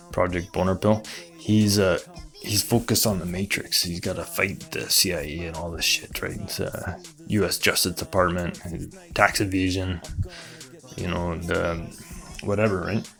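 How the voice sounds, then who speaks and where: Man, low voice, comedy host, rambling conspiracy bit, lots of fillers, faint music behind. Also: vocal fry, fairly bright tone. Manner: meandering, filler-heavy, acts out others in quick put-on voices.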